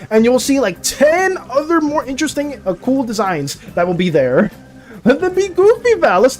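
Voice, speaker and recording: A young man in his twenties talks casually with viewers while he draws on stream. His voice sits high and bounces through a very wide range. He rants excitably, stumbles over restarts and keeps laughing between thoughts. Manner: excitable ranting, stammering restarts, frequent laughter. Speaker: art streamer. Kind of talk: casual live-stream chat.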